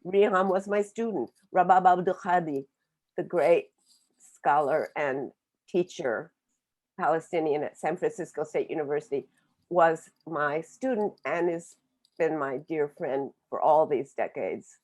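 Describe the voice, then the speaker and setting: A woman in her seventies with a somewhat low voice recounts her own past in an earnest, reflective manner. She pauses and restarts often while she gathers her thoughts. She sounds as if she is speaking over a video call. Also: a little mellow. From Oklahoma, USA. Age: 70s. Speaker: book author speaking on a webinar. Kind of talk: personal storytelling.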